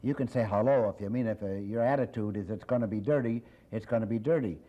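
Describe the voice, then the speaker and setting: An older man, a comedian guest, chatting in an interview as a quick, wisecracking storyteller. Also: lowish voice. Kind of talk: casual interview chat with joke-telling. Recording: dull lo-fi old TV recording.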